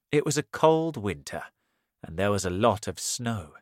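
A man reading a simple story aloud in a slow, clear storytelling manner. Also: on the low side, big pitch swings. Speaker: narrator. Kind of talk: scripted story narration.

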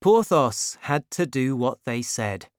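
A narrator reading a storybook aloud in a clear, even storytelling manner. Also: medium pitch, slow, no echo, studio quality.

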